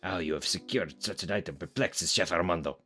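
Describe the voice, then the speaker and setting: A man's voice: lowish voice, fast, sharp tone, faint music behind. A man playing a pompous demon chef. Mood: gloating. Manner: grandiose, speaks of himself in the third person. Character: pompous male demon chef, theatrical and grand. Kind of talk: voicing game characters on a stream.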